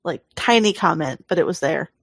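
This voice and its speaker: A woman's voice: lowish voice, animated, normal speed, vocal fry, no room sound. A woman co-hosting a gaming podcast, chatting casually and explaining things with fillers and restarts. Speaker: podcast co-host.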